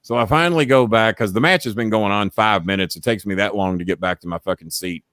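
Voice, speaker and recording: A middle-aged man telling a story in casual chat, profane and animated. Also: on the low side, fast, no echo, studio quality. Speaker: storyteller and show host.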